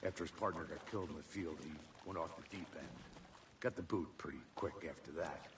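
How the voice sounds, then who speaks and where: A man's voice: low-pitched, brisk, distant mic, close to an everyday voice. An actor voicing a dry, skeptical male FBI agent in video game dialogue, heard off-mic through noisy game audio.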